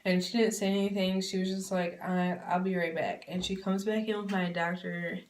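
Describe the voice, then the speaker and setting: A woman's voice: lowish voice, little pitch movement, normal speed, far from the mic. A woman vlogger telling a personal story in a rambling, heartfelt and candid way. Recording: roomy sound from away from the mic.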